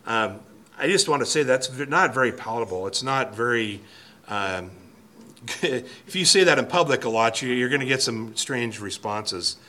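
Guy doing a bible study, bright clear voice, stops and restarts a lot while he thinks. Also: medium pitch, animated, normal speed. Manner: thoughtful, restarts phrases, reads quotes aloud. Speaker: Bible teacher. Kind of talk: verse-by-verse Bible teaching.

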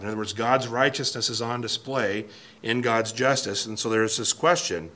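A man's voice: on the low side, steady tone, fairly quick, bright, forceful tone. A man teaching through a Bible passage verse by verse, thinking aloud and reading commentary quotes. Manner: thoughtful, restarts phrases, reads quotes aloud.

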